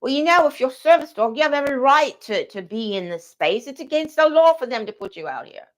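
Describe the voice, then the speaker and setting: Woman doing a small earnest man, lifted pitch, reassuring. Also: animated, brisk, rough recording. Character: small, earnest older-sounding European man.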